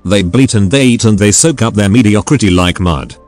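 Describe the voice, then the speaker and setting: A man's voice: on the low side, brisk, a little mellow, faint music behind, close to an everyday voice. A synthetic male text-to-speech voice reading the lines of a drunk, masked male gang leader with a sneering, profane manner. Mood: preachy.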